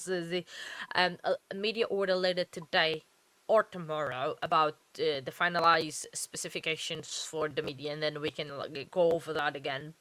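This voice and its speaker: Late at night, a tired, yawning woman hosts a true-crime trial-watch livestream, giving casual live commentary that rambles with plenty of fillers and self-corrections. Her voice is fairly low, bright and forceful, with no echo.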